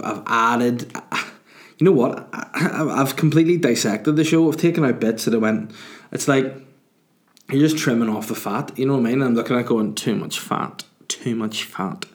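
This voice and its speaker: A man's voice: mid-range voice, darkish tone. A man talks through his podcast in a loose, casual monologue. He rambles and mocks himself, with plenty of fillers and restarts. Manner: rambling and self-mocking, with many fillers. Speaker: podcast host and comedian.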